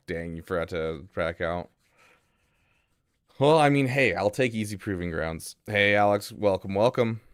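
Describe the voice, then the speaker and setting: A man streaming a game, chatting casually with his viewers in a bemused, teasing way and getting loudly exasperated at the gameplay. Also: lowish voice, no echo, clean studio sound. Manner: bemused banter with chat, rising to loud exasperation. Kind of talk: casual live-stream commentary.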